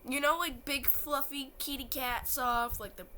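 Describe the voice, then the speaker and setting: A young woman tells her fan story in a high, bright voice, tearful and gushing as she acts out what everyone said. A faint noise sits under the recording. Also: steady tone, moderate pace. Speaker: vlogger. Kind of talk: emotional fan vlog storytelling.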